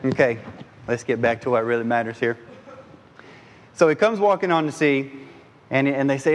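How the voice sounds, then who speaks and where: A man preaches to his congregation in a lively, conversational way, now and then putting on voices for the people in his story. His voice sits in the middle range. A long reverb trails every phrase, as in a big hall. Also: medium pitch, moderate pace, pauses often. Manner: animated, dips into voices of disciples and Jesus. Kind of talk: sermon.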